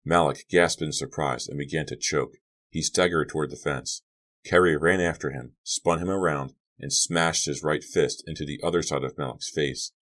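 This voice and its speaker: Male audiobook narrator, very deep voice, steady and dramatic read. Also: normal speed. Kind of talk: scripted narration.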